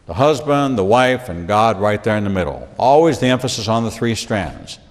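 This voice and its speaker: Man teaching scripture in a reverberant hall. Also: lowish voice. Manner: animated, repetitive emphasis, dramatic pauses, humorous asides. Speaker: rabbi teaching the Bible. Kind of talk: sermon-style Bible teaching.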